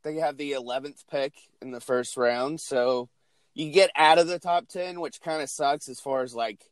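Male podcast co-host, relaxed and brief, dry close recording. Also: mid-range voice, normal speed, no echo. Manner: easygoing, short remarks, swears. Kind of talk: casual chat.

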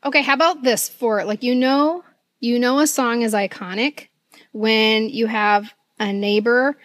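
A woman's voice: a little high, a little slow, no room sound. A woman co-hosting a podcast, telling stories in casual chat with frequent laughter. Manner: chatty, animated storytelling, laughs often. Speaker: podcast co-host.

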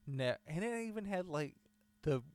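Smooth-voiced man rambling about wrestling. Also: fairly high pitch, normal speed. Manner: rambling, animated wrestling talk with laughs. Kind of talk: casual chat.

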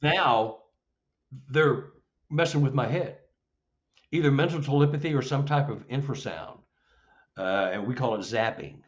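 A man's voice: a little slow, pauses often. Middle-aged guy telling a story in an interview, voice jumps up when he acts out lines, kinda muffled audio. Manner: animated, acts out dialogue with rising pitch. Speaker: Sasquatch investigator, guest. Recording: dull lo-fi audio.

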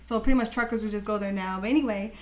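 A young woman co-hosting a podcast, telling a story in a chatty, animated way. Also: mid-range voice, rapid-fire. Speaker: podcast co-host. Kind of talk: casual storytelling.

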